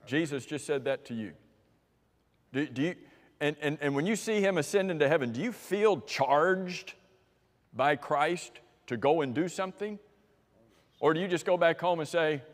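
A man's voice: fairly high pitch, lively intonation, normal speed. An American man preaching a sermon in a church, talking conversationally and asking the congregation questions. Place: church sanctuary. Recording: church live stream with long hall reverb.

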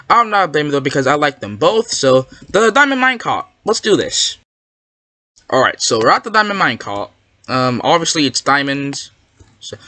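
A gamer giving excitable, rambling commentary while playing, yelping and protesting whenever a trick fools them. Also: mid-range voice, no room sound. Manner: excitable, yelps and protests when fooled; rambling, self-correcting. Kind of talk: Minecraft gameplay commentary.

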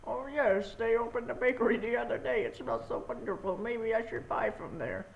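A man's voice: extremely high pitch, animated, vocal fry, lo-fi sound, voice pushed up, exaggerated voice. A man voicing a frail, confused elderly mother in a hospital, wavering and fretful during a game playthrough. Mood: doting. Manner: wavering, drawn-out and fretful, flaring into shrieks. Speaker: game player voicing characters. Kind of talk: let's-play voice acting.

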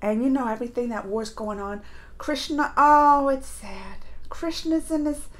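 A woman's voice: high voice, a little slow, a bit bright. A woman hosting a reaction vlog, chatting in a rambling, emotional way as a mother. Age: adult mother. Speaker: reaction video host. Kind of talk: casual reaction vlog chat.

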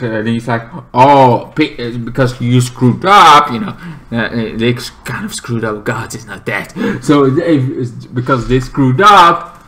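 A man recapping a TV episode in a loose, rambling way, full of fillers and restarts, with excited squeals in between. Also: mid-range voice. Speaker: TV show reviewer.

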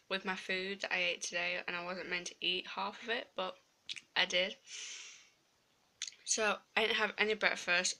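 Young woman, lisp from a swollen tongue, bright, low-pitched, rambling vlog chat. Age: young adult. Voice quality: slight lisp from a tongue piercing. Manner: chatty, filler-heavy, rambling. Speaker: vlogger. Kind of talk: casual vlog.

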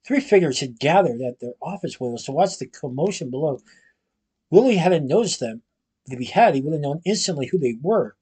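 A man reads a storybook aloud in a steady, even manner, now and then going back over a word. His voice sits a little high for a man and has a husky grain. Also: fairly quick. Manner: steady reading with occasional restarts. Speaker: storybook reader.

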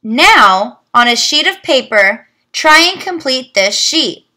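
A young woman teacher giving a virtual phonics lesson, sounding out words slowly. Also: sits high, big pitch swings, sharp tone.

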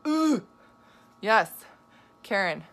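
A woman nutrition coach hosting a live video, answering viewer questions in an animated, chatty way with lots of asides and laughs. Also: medium pitch, very slow, soft background music. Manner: animated, gesturing a lot while talking.

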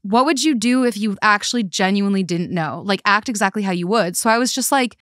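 A woman telling a story as a guest friend, animated and acting out what people said, with lots of "like" fillers. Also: medium pitch, fairly quick, dry recording, clean studio sound. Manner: animated, acts out quotes, many "like" fillers. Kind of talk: casual storytelling.

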